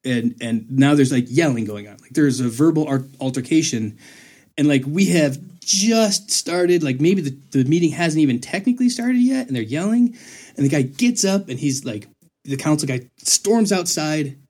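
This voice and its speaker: Animated young man telling a story. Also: on the high side, normal speed. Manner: animated, laughing, acts out voices. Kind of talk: casual chat.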